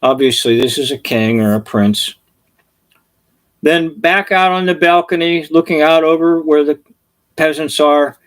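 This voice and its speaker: A man preaching, telling funny illustrations with chuckles as an animated storyteller. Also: on the high side, a little slow. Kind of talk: sermon illustrations, storytelling jokes.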